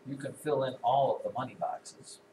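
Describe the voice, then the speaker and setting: A man's voice: mid-range voice, fairly even intonation, moderate pace. A man teaching a classroom math lesson, talking students through a problem with dry, teasing asides. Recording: echoey classroom, voice from far off, clear noise.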